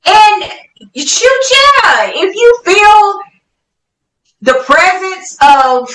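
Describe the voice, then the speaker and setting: Spiritual guide, woman, high and animated, encouraging and reassuring, echoey room. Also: very slow. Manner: encouraging, repeats soothing affirmations. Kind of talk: casual conversation. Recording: echoey room, voice far from mic.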